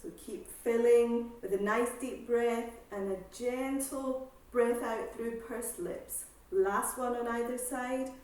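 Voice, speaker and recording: A woman exercise instructor calmly guiding a seated breathing class, with slow breath cues and counting. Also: on the high side. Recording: echoey room, voice from far off.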